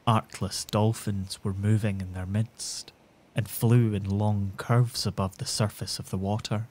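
A man narrating a bedtime story for adults in a soothing, measured manner. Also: fairly low pitch, flat delivery, darkish tone.

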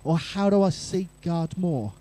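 A man's voice: high voice, a little slow, poor audio. A man preaching a sermon in church, telling family stories and asking the congregation along. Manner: lively storytelling with asides to the congregation. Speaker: pastor.

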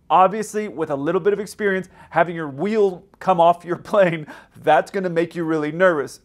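A man hosting a video, explaining radio recordings in a chatty, teaching manner. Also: high-pitched. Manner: explanatory, conversational. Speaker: aviation video host.

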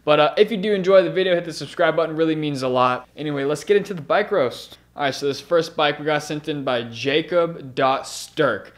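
Young male vlog host, slightly high voice, crude mocking roast humor, swears constantly. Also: fairly quick, few pauses. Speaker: BMX channel host. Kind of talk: comedic bike roast vlog.

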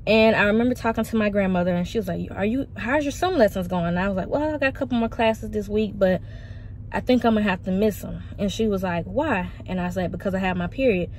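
A woman's voice: mid-range voice, quick pace, a little mellow. Young woman vlogger in her twenties, candid and confiding, talking in her car into a phone, light background noise. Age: 20s. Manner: frank, emotional, confiding. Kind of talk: candid personal vlog. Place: parked car.

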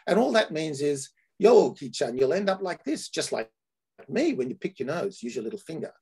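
A man with an Australian accent giving an academic lecture, halting with frequent fillers and restarts. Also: fairly high pitch, sing-song, gravelly, warm tone, husky.

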